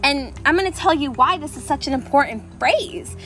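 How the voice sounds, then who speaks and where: A woman's voice: sits high, lively intonation, moderate pace, fairly bright tone. A woman hosting a casual faith podcast outdoors, chatty and enthusiastic, with many fillers. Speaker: podcast host. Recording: music playing underneath.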